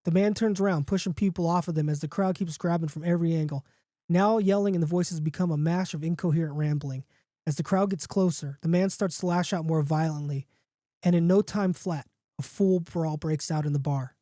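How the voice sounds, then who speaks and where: Mellow-voiced man reading a comic horror story. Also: fairly high pitch, fairly quick, no echo, studio quality. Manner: casual, jokey, with restarts and asides. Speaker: podcast host.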